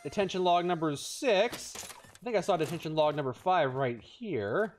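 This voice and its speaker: A man's voice: a little high, lively intonation, slight background noise. A man giving casual gameplay commentary, joking and swearing as he plays. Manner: joking, swearing, quick to laugh.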